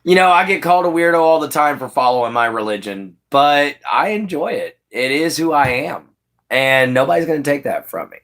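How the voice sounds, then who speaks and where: Male streamer, casual chat with viewers, animated pitch, easy laughter. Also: fairly quick. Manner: chatty, answers chat by name, laughs often. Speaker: livestream host.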